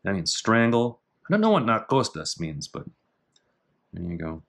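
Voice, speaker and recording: A middle-aged man casually talking through techniques in a martial arts book, with dry offhand asides and slow, halting reading of foreign terms. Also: on the low side, wildly swooping pitch, a bit bright. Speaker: jiu-jitsu instructor reviewing a technique book. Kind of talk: casual commentary.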